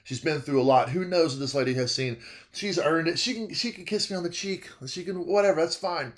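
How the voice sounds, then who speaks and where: A young man, telling a comedic story about his work as a restaurant server. He talks in an animated way, cuts himself off, and repeats phrases for laughs. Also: fairly high pitch, a little fast. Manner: animated, self-interrupting, repeats phrases for comic effect.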